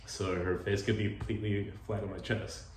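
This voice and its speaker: A man's voice: on the low side, flat delivery, a little fast. A man telling personal stories in a casual, rambling way, full of "like" fillers and emotion. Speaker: vlogger telling stories about his late partner. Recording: roomy echo with faint ambient noise.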